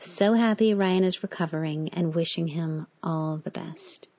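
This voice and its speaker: A woman reading a letter and then a short story aloud at a steady, measured pace. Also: on the low side, muffled recording. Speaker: reader.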